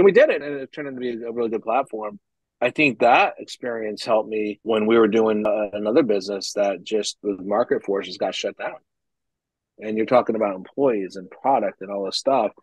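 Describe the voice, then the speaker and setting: A man telling stories from his business career in a casual podcast chat, acting out what people said with animated energy and frequent laughs. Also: lowish voice, husky, dry recording, poor audio. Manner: animated, acts out quoted dialogue, frequent laughs.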